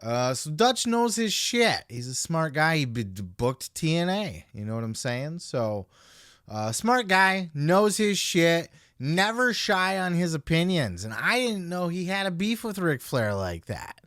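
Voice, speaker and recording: A man's voice: on the high side, big pitch swings, a little slow, a bit bright, no echo, clean studio sound. A man hosting a podcast, giving blunt, profane, opinionated commentary into a podcast microphone. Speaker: podcast host.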